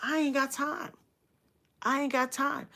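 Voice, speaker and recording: A middle-aged woman tells a story on a livestream with a flat, unhurried delivery, though the telling is earnest and dramatic. She repeats phrases for emphasis and acts out what others said in sudden bursts that are loud and high.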